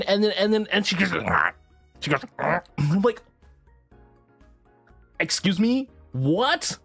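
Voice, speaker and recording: A woman chatting casually with viewers on a livestream, swinging between squealing excitement and low mumbles, swearing now and then. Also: a little slow, no room sound, faint music behind.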